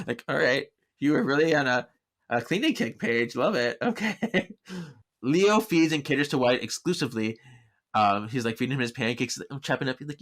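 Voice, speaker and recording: A man hosting a podcast, casually recapping a story with frequent laughter and quick acted-out lines of dialogue. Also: medium pitch, expressive, a bit bright. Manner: chatty, laughs often, acts out characters' lines in quick bursts. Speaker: podcast host.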